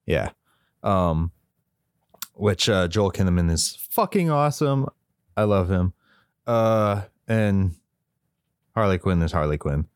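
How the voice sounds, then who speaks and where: A man with a low voice chats casually about a movie, swearing and laughing easily. His voice is recorded close, in a dry space with no room sound. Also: takes it slowly, pauses often, clear, resonant tone, no echo. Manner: relaxed, swearing, laughing often. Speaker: podcast co-host.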